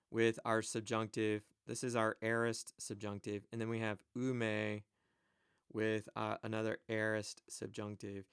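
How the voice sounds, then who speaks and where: A man's voice: lowish voice, clear, resonant tone, no echo, studio quality. A man teaching a recorded grammar lecture, explaining step by step with frequent fillers. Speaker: Greek teacher.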